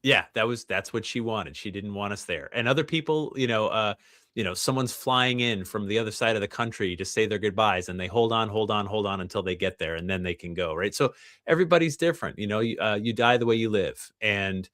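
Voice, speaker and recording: A man's voice: on the low side, fairly quick, fairly bright tone, dry recording, studio quality. A middle-aged man, a guest author, chatting casually on a podcast and often laughing as he talks.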